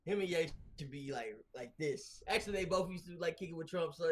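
A man co-hosting a casual wrestling podcast over a remote call, talking in a rambling, slangy, animated way and laughing often. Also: a little high, fairly quick. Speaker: podcast co-host. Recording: remote call with glitchy connection.

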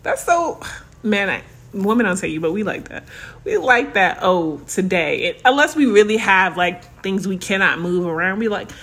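Lively husky-voiced woman podcaster. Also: medium pitch, normal speed. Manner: animated, laughs often, calls listeners baby and y'all. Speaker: podcast host. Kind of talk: casual solo podcast chat.

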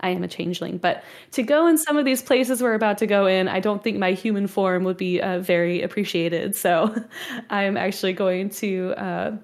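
A woman playing a tabletop role-play, relaxed and explaining at length. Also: mid-range voice, moderate pace. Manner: relaxed, explaining, laughs often. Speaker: player.

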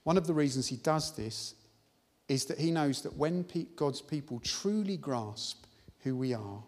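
A man's voice: medium pitch, a little mellow. A man preaching a sermon in an earnest, emphatic, exhorting manner. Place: church hall. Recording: live-stream audio with long hall reverb.

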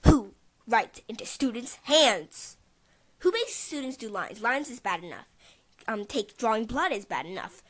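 A woman co-hosting a casual podcast, talking in an excitable, emphatic way. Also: on the high side, no room sound. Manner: excitable, emphatic, quick to exclaim. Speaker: podcast co-host.

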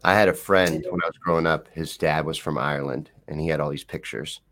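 A man's voice: extremely low pitch, fairly even intonation, brisk, fairly bright tone. A man co-hosting a podcast, chatting casually in a playful, teasing, rambling way. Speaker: podcast co-host. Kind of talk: casual joking chat.

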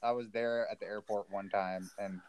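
A man's voice: fairly low pitch, steady tone, normal speed, a little mellow. A man co-hosting a podcast in casual chat who jokes bluntly and crudely. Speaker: podcast co-host.

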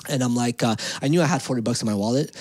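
A man, telling a story on a podcast in a halting way, full of restarts. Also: mid-range voice, a little mellow. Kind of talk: casual storytelling chat.

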